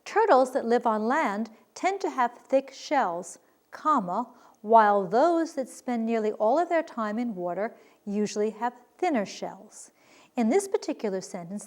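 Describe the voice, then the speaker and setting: Woman, grammar teacher, animated higher voice, patient and explanatory. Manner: patient, explanatory, reads examples aloud. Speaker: writing teacher. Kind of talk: recorded grammar lesson.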